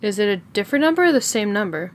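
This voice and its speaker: A woman's voice: medium pitch, very animated, fast talker. A woman playing in a tabletop game, speaking casually in brief turns. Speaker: player.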